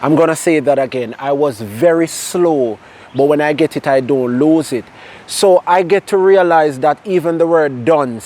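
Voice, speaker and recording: Animated Jamaican man telling his story. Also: on the high side. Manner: animated storyteller mixing in patois. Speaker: interview guest. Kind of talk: personal testimony in casual conversation.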